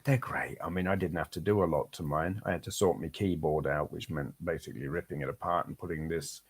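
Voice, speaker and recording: An English man with a very low voice talks loosely on a live stream. He rambles, answers viewer comments and drifts between topics in a relaxed, chatty way. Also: fast talker, slightly rough. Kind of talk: casual live-stream chat.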